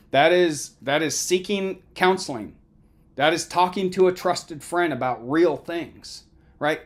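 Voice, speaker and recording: Earnest middle-aged man, lively lecture. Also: a little high. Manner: earnest, conversational, addresses listeners directly with "right?". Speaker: lecturer on recovery. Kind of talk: motivational lecture.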